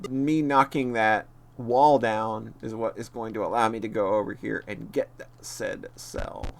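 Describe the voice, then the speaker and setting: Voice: medium pitch, fairly even intonation, measured pace, vocal fry, a little hiss or hum. A streamer chatting casually and jokingly over gameplay, laughing often and swearing now and then.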